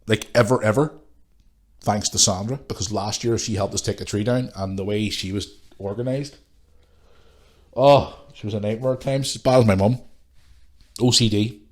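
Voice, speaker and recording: A man's voice: lowish voice, fairly even intonation, normal speed, long pauses. A man hosting a podcast, ranting bluntly and swearing freely while he has a cold. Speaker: podcast host. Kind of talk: casual ranting monologue.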